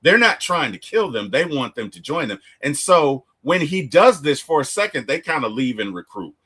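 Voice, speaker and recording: A man talks through a movie plot in a relaxed chat, his pitch swinging up and down as he acts out lines. His voice is bright and sits a bit high for a man. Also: normal speed, breathy edge. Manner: animated storytelling, acts out character lines. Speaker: movie reviewer. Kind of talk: casual film discussion.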